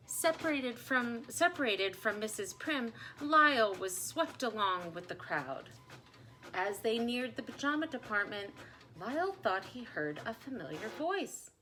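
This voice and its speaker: A woman reading a children's picture book aloud with expressive, dramatic delivery. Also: on the high side. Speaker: storyteller.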